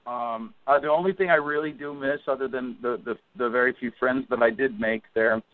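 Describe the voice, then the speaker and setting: A man's voice: medium pitch, brisk, no room sound. A man, a band singer being interviewed, telling stories in a casual chat and acting out what people said. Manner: animated storyteller acting out quotes. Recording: tinny phone line.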